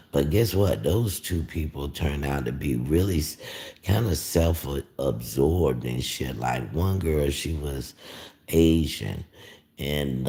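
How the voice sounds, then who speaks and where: A man's voice: a bass voice, vocal fry, mellow. A man chatting casually on a livestream, rambling with lots of fillers and cursing freely. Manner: rambling, profane, meandering with many fillers. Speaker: YouTuber on a livestream. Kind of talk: casual live-stream chat.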